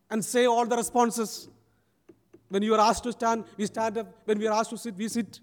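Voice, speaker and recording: A man's voice: sits high, little pitch movement, normal speed. A man preaching a sermon, telling a story and acting out its people. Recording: long church reverb.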